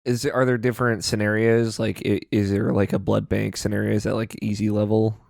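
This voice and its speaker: A woman co-hosting a casual podcast chat, playful and jokey, with a gravelly voice. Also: a bass voice, flat delivery, a little fast, darkish tone, no room sound, studio quality. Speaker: podcast co-host.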